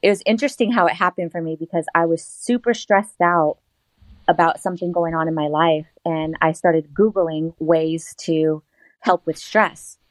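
A woman telling a personal story in an interview, animated and laughing often as she acts out what she said at the time. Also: deep voice, moderate pace, no echo, poor audio. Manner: animated, laughs often, acts out her own past lines. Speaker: guest.

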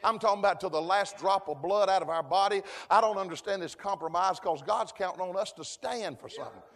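A man preaching a folksy sermon, calling for amens and building to shouts. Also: high voice, brisk. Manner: folksy, call-and-response, rising to shouts. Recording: long hall reverb.

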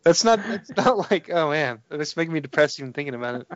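A man's voice: on the high side, lively intonation, fast, lo-fi sound. A man co-hosting a casual podcast chat, dry and matter-of-fact. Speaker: podcast co-host.

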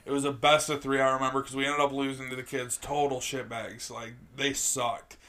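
Young male host, bright and forceful voice, loose sweary gaming banter. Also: medium pitch, flat delivery, brisk. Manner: swears freely, laughs often while telling stories. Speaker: podcast host. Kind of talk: casual gaming chat with a friend.

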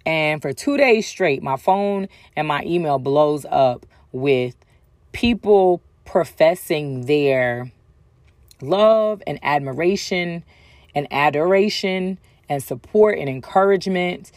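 A woman's voice: low-pitched, lively intonation, slow, a little mellow, no room sound. A woman telling a personal story in a casual way, with lots of ums and acted-out bits of dialogue. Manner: chatty, frequent ums, acts out other people's lines.

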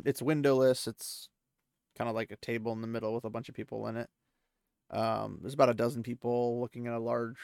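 A man's voice: medium pitch, creaky, dry recording, studio quality. A man hosting a podcast, recapping a novel chapter in loose, casual paraphrase with offhand asides.

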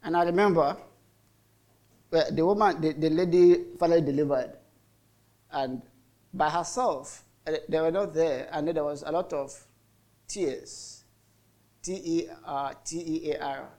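A man's voice: on the high side, unhurried, long pauses, a little mellow. A middle-aged Nigerian man preaching a sermon as a pastor, telling stories in a chatty way with lots of repetition. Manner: chatty storytelling with repetitions and mock voices.

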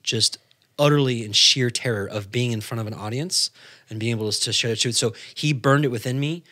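A man with a bright, forceful tone speaks earnestly in a casual conversation. He stops and restarts often as he gathers his thoughts. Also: medium pitch, fairly quick.

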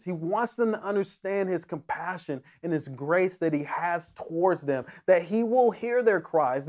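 A man preaching a sermon with an earnest, emphatic delivery. His voice sits a little higher than most men's. He often stumbles, restarts and repeats phrases as he presses each point home. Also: a little mellow. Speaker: pastor.

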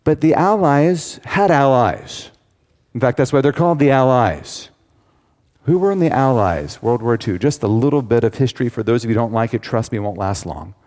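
A man's voice: medium pitch, animated, normal speed, a little mellow. A man teaching a Bible study to a live audience, in a conversational way with asides to the listeners. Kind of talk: sermon-style Bible teaching. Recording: long hall reverb.

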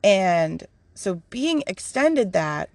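Gravelly woman talking candidly. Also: mid-range voice, very animated, very slow, no echo. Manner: candid, confessional, laughs often. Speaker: podcast host. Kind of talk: casual podcast monologue.

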